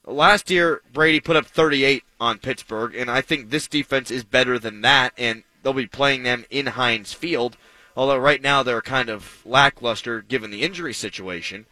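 A man's voice: medium pitch, moderate pace, bright, forceful tone, no echo, rough recording. A man hosting a sports talk radio show, talking in an emphatic, punchy way with self-mocking asides, on a studio microphone.

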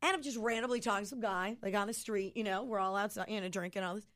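A woman's voice: mid-range voice, quick pace. A woman from Ohio co-hosting a radio talk show, telling stories in a casual chat and acting out the quoted lines. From Ohio, USA. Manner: animated, acts out quoted dialogue.

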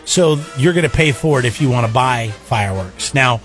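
A man's voice: medium pitch, brisk, soft background music. A man co-hosting a morning radio show, bantering casually and jumping into comic voices. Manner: animated, breaks into comic put-on voices. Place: radio studio. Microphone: studio microphone.

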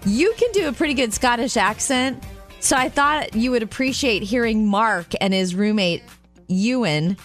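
A woman's voice: on the high side, normal speed, faint music behind. A woman co-hosting a radio show, chatting casually and reading light news features with a bubbly, laughing manner. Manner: bubbly, laughs often, animated storytelling.

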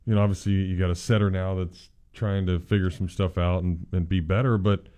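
A man co-hosting a sports talk show, firing off dry, quick comebacks in casual chat. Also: low-pitched, level tone, mellow.

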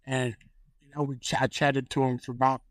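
A man's voice: medium pitch, little pitch movement, a little fast, no echo, low-quality recording. An older man, a guest activist, telling a story with animation and acting out phone calls in different voices. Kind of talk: storytelling in a conversation.

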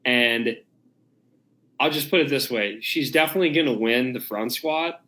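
Man, mid-pitched voice, playful co-host, animated anecdotes. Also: moderate pace. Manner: joking, animated storyteller. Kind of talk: casual chat.

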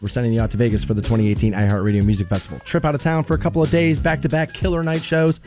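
A man hosting a rock radio show, telling stories loudly and laughing at himself between promo reads. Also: mid-range voice, very fast, soft background music. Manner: animated, shouting storyteller who laughs at himself. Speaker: radio morning show host. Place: radio studio.

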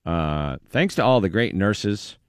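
A man hosting a radio morning show, chatting casually in a relaxed way with many fillers. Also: on the low side, slow, smooth, no echo, clean studio sound. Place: radio studio.

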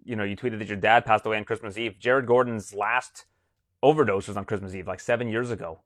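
A man hosts an interview, asking his questions quickly and directly. His voice sits low and is recorded dry with no room sound. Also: fairly even intonation, dry recording.

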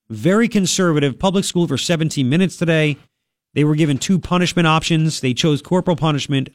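Sniffling through a cold, a male talk radio host chats away in the studio, reading news stories and adding sarcastic side comments. His voice sits a little high, and the studio microphone picks it up with no echo.

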